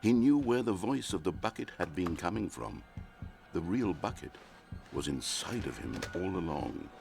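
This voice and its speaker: A man's voice: sits low, expressive, normal speed, vocal fry, over music. A man narrating a video game story in a dry, wry, scripted manner.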